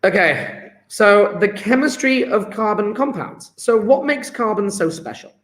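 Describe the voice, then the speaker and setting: A high-voiced man teaching chemistry in an easygoing, encouraging way, peppering his talk with "yeah?". His voice rings in an echoey room. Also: animated, a little slow, fairly bright tone. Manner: chatty, encouraging, fillers of "yeah?". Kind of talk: live online lesson.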